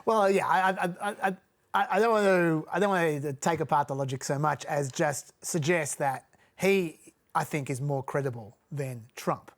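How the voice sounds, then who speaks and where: A man's voice: on the high side, normal speed. An Australian man co-hosting a current affairs panel, arguing his point emphatically with a string of rhetorical questions. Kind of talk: analytical panel discussion.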